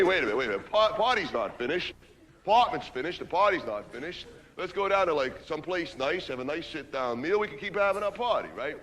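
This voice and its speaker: A man's voice: on the high side, fairly bright tone, in a large hall. An actor playing a brash, streetwise young man who rambles through a story in ungrammatical slang and keeps asking "right?" in a stage monologue. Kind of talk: theatrical comic monologue.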